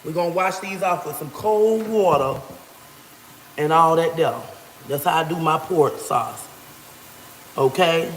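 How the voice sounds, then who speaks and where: She has a deep voice and speaks unhurriedly, leaving long pauses. As a livestream vlogger cooking in her home kitchen, she talks casually to viewers in a preachy, boastful way, calling them baby and honey, into a phone propped nearby. The audio is roomy, as if in a large hall, with slight background noise.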